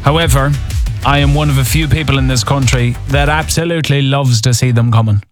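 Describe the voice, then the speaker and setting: A man's voice: medium pitch, steady tone, fairly quick, music in the background. A man hosting an evening radio show, telling a wry story in a casual, chatty way. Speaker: radio host. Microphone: studio microphone.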